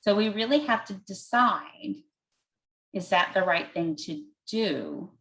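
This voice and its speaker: A woman's voice: mid-range voice, animated, takes it slowly, a bit bright, poor audio. A woman physician answering audience questions, explaining step by step in plain words with everyday comparisons and an occasional "um" as she thinks aloud.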